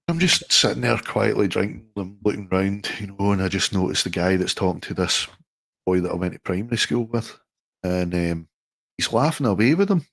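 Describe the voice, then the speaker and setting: Scottish man from Glasgow, very low and dry, sweary casual storyteller. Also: animated, a little fast, vocal fry, fairly bright tone, no room sound. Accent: Glaswegian. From Scotland. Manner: swearing storyteller, laughs often. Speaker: live stream co-host. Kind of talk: casual chat.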